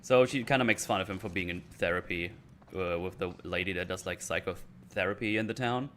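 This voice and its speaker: A man's voice: low voice, a little fast, a bit bright, slight background noise. A man streamer in a casual commentary rant, rambling through a recap of a TV episode and slipping into the characters' lines.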